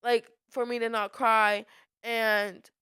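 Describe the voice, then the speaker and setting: A woman's voice: a little high, little pitch movement, slow, sharp tone, smooth, dry recording. A teenage girl hosting her own podcast, venting frankly and peppering her talk with "like". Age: teens. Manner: frank and fired-up, heavy use of filler like. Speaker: podcast host.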